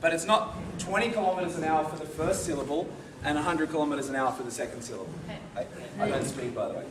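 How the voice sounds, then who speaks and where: A man coaching a karate class in a big hall, his slightly higher voice ringing with echo. He calls out counts and drills the room in call-and-response, heard from across the space over steady background noise. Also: fast. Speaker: karate instructor. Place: large training hall. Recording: echoey hall from far off, noisy.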